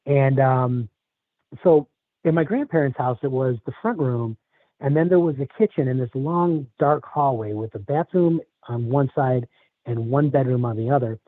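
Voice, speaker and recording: A man from the Chicago area telling a personal story in a halting, casual way, with many restarts. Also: medium pitch, dry recording. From Chicago area, USA. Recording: tinny phone line, dry.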